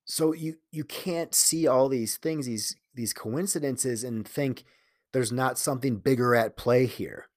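A man's voice: medium pitch, a little slow, no echo, studio quality. A man talking in a casual solo monologue, telling a candid, profane personal story and earnestly preaching about living life your own way. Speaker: solo speaker.

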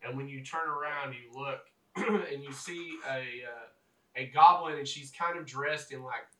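Man game master, bright and forceful tone, rambling narration with fillers, recorded off-mic in an echoey room. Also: medium pitch, unhurried. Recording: echoey room, distant mic, faint hiss.

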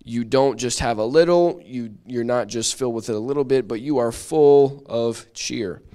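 A man's voice: mid-range voice, normal speed, warm tone, clear, resonant tone. A man teaching a Bible study lesson in a chatty, self-deprecating way, often restarting his sentences. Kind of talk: casual church teaching.

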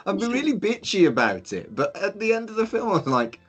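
A man's voice: high-pitched, big pitch swings, fairly quick, husky, faint music behind. A man chatting casually on a podcast, sarcastic and self-mocking about films. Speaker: podcast co-host. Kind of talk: casual chat.

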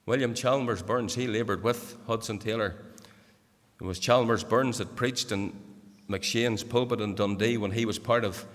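Earnest preacher in a reverberant hall. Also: male voice, fairly low pitch. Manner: earnest, rising to emphatic peaks then dropping to hushed appeals; repeatedly addresses the congregation directly. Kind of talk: sermon. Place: church.

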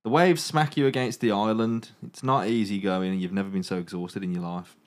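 A man's voice: lowish voice, steady tone, a little fast. A man hosting a comedy podcast, reading a choose-your-own-adventure story aloud with dramatic narration broken by jokes.

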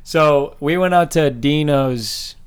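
A young man in his early twenties co-hosting a podcast, telling stories in a casual, animated way and laughing often. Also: fairly high pitch, slow, clean tone. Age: early 20s. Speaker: podcast co-host. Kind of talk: casual chat.

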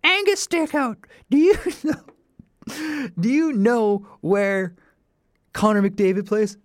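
A man's voice: very high-pitched, slow pace, no room sound, pitched above the performer's own voice. A man mimicking a sassy older woman teacher. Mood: teasing. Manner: dry, cutting put-downs. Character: sassy sixty-year-old woman teacher, unimpressed.

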